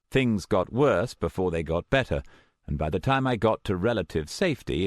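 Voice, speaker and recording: A man narrating a first-person audiobook in a measured, steady storytelling manner, close to the mic. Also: low voice, no echo.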